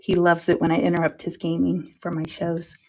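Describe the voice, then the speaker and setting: A woman hosting a crafting show, chatting to herself as she works, self-mocking and quick to laugh, sometimes dropping into soft whispers while she concentrates. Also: fairly low pitch, completely flat delivery. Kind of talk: casual crafting chat.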